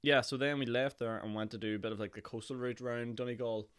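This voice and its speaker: A hoarse young man with a Northern Irish accent, hosting his podcast in a chatty, jokey way. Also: mid-range voice, little pitch movement, quick pace, fairly bright tone. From Northern Ireland. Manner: chatty and jokey, with frequent laughs and fillers. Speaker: podcast host. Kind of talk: casual solo podcast chat.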